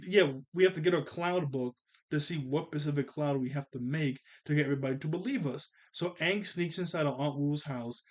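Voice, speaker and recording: A young man casually recapping a cartoon episode, retelling scenes in quoted voices and laughing often. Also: fairly high pitch. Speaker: cartoon reviewer.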